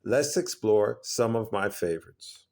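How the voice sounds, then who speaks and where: Man, slightly low voice, upbeat English teacher, scripted lesson. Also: lively intonation, measured pace, darkish tone. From Philadelphia, USA. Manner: upbeat, explanatory, acts out sample phrases.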